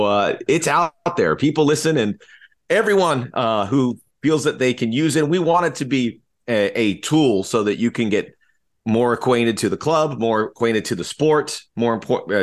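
A man co-hosting a casual sports podcast, upbeat and joking, with frequent fillers. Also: medium pitch. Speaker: podcast co-host.

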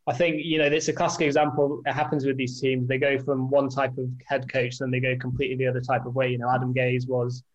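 A man co-hosting a sports podcast, rambling through his opinions and joking about his own monotone. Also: medium pitch, fast talker, hardly any pauses, muffled recording. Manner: flat-toned, rambling, self-deprecating. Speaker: podcast co-host, editor. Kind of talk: casual sports podcast chat.

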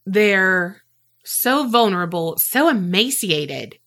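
A woman co-hosting a podcast, telling a story in casual chat, animated and swearing freely. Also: medium pitch, slow. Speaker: podcast co-host.

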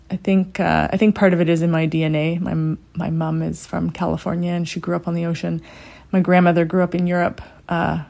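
A woman's voice: on the low side, creaky, darkish tone. Breezy woman podcast co-host. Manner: breezy, brief answers with laughs. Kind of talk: casual chat.

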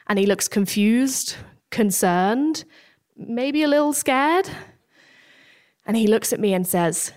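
A young woman tells her own story in a candid, self-deprecating way, with an everyday mid-range voice. She draws out the heavy moments slowly and then picks the pace back up. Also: mid-range voice, a bit bright. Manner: candid and self-deprecating, slowing down for emotional beats. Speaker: PhD student. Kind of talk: first-person storytelling.

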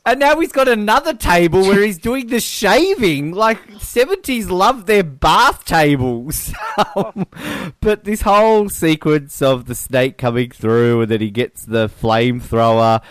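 A man's voice: high voice, unhurried, no echo. A man co-hosting a film podcast in casual chat, swearing freely and laughing as he talks. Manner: animated, swears freely and laughs mid-sentence. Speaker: podcast co-host.

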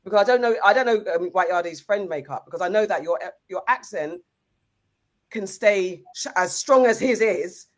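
Casual emphatic woman co-host, mid-pitched, makes her point with rhetorical questions. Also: moderate pace. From England. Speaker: podcast co-host. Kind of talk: casual chat.

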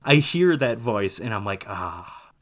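A man co-hosting a casual film podcast, rambling through his points with frequent laughs and animated asides. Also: fairly low pitch, moderate pace. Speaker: podcast co-host.

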